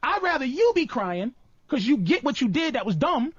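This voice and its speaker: A man's voice: very high-pitched, sing-song, moderate pace, slightly rough, no room sound. A man hosting a radio show, telling stories loosely and profanely with lots of laughter. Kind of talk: casual radio talk. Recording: dull, dry lo-fi archive radio recording.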